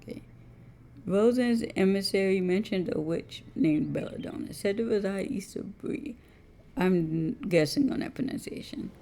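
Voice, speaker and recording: A woman's voice: medium pitch, moderate pace, dark tone. A woman casually commenting on a game as she plays, reading its dialogue aloud and joking about her own accents. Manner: playful, self-mocking, laughs at own accents. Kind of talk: casual gameplay commentary with read-out character voices.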